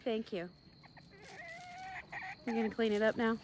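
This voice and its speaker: A woman's voice: a little high, fairly even intonation, a little slow. A woman who runs an animal rescue, talking to her pet rooster in cooing, affectionate baby talk. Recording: noisy background with chickens. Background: chickens clucking.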